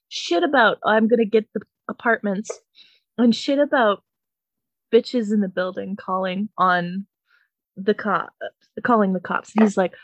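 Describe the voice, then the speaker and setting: A woman's voice: mid-range voice, no room sound. A woman hosting a podcast, telling a neighbor story in casual chat, laughing often, swearing freely and acting out what people said. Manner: animated, laughing, swears freely, acts out quotes. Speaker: podcast host.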